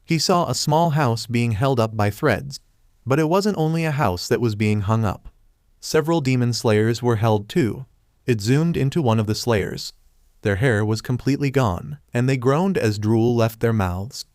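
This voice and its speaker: A man of middling pitch tells a fan-written story in an even, plain manner. The sound is close and dry, with no room around it. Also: normal speed, no echo. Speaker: fan fiction narrator. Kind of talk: scripted story narration.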